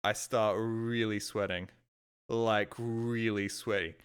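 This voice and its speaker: A young Australian man streams a game while telling a long, rambling story full of swearing in a casual way. His voice is lowish, clear and resonant, with fairly even intonation and a slow pace.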